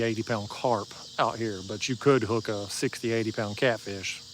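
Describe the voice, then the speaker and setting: A man's voice: fairly low pitch, steady tone, normal speed, hardly any pauses, noisy background. A man with an East Tennessee Southern drawl hosts a casual fishing livestream outdoors at night, chatting in a laid-back, folksy, joking way as he answers viewers. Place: outdoors at a marina bank at night.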